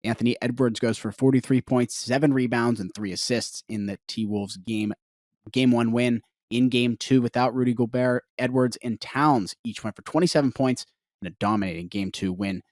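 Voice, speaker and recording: Plain steady sports podcast man. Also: medium pitch, moderate pace, dry recording, clean studio sound. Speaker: podcast co-host. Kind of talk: casual sports podcast segment intro.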